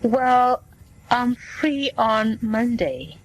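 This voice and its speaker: A woman's voice: fairly high pitch, lively intonation, full character voice, low-quality recording. A woman reading as a patient booking a visit. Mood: plain. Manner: slow, plain reading voice. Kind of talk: scripted dialogue for learners.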